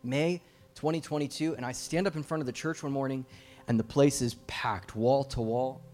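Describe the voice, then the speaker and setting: A man's voice: mid-range voice, fairly even intonation, moderate pace, darkish tone. A middle-aged man preaching a fervent, urgent sermon as a guest preacher, his volume swelling and dropping as he presses his points.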